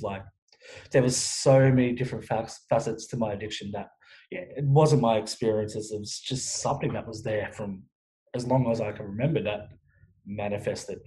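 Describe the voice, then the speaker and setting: A man's voice: on the low side, mellow, poor audio. Frank, cursing man. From Australia. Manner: frank, swears often, halting restarts. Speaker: guest. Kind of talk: candid interview talk.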